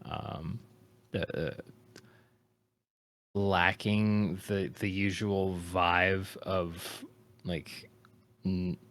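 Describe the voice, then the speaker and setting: A man's voice: low voice, level tone, very slow, pauses often, a bit bright, dry recording. A man chatting loosely as a player in a tabletop game, with many fillers. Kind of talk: casual tabletop game chat.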